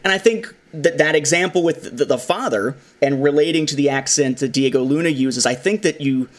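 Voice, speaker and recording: A man with a somewhat high voice hosts a casual discussion about films. He talks with animation, leaning into the lines he quotes. His delivery stays loose and conversational. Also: brisk. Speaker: podcast host.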